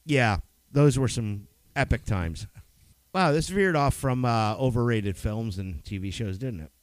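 A man's voice: mid-range voice, lively intonation, a little slow, no echo. A man co-hosting a podcast in loose, profane, rambling casual chat. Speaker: podcast co-host.

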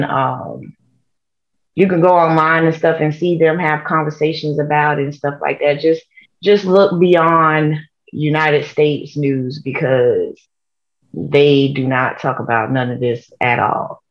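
Casual speaker, earnest and halting, heavy on ums; dull, lo-fi recording. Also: medium pitch, fairly even intonation. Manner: hesitant, many ums, earnest. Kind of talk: casual chat. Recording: dull lo-fi sound.

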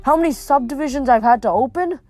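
An imperious male underworld god, as a woman reader puts him on, bellowing and aggrieved, swinging between complaint and threat. The voice sits fairly high for such a lord. Soft music plays underneath. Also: quick pace, lightly acted.

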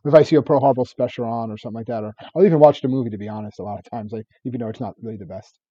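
A man chatting on a podcast, rattling through stories at a quick clip. His voice is dark and husky, full of restarts. The sound is dull and dry, close and lo-fi. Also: medium pitch, no room sound. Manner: rambling storyteller with many restarts and laughs. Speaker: podcast co-host. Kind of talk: casual chat.

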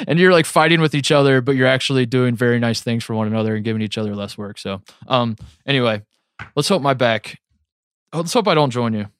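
A man's voice: medium pitch, fast talker, a bit bright, smooth, no room sound. Podcast guy chatting, rambly and joking at himself, dry close sound. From American Midwest. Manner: rambling, self-mocking, frequent restarts. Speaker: podcast co-host. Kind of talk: casual chat.

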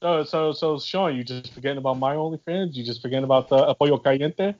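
A man in casual podcast chat with a joking, deliberate manner, recorded on a dull lo-fi mic. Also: mid-range voice, darkish tone.

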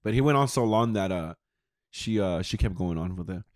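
A man in casual podcast chat, telling animated, slangy stories. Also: sits low, a little fast.

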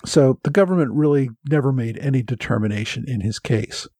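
A man's voice: medium pitch, brisk, warm tone, dry recording, clean studio sound. A man hosting a history podcast, reading thanks and notes in an earnest, explanatory way. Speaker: podcast host. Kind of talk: scripted podcast narration.

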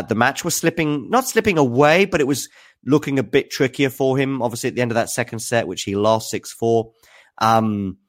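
Low-voiced man hosting a tennis recap. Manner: chatty, hesitant, full of fillers. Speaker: tennis news host. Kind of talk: live-stream commentary recap.

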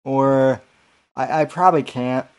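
A man's voice: mid-range voice, steady tone, measured pace, a little mellow, clear, resonant tone. A man hosting a casual late-night podcast stream, hesitant and full of fillers and restarts. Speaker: podcast host.

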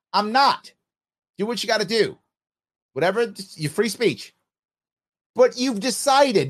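A middle-aged man hosts a podcast, offering opinionated commentary directly to listeners and peppering it with rhetorical questions. His voice is high-pitched with a fairly bright tone.

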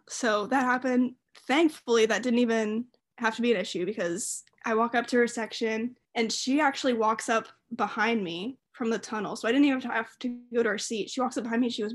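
Giggly woman telling a story. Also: fairly high pitch. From Southern United States. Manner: animated storyteller, laughs often, many fillers. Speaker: podcast co-host. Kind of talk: casual chat.

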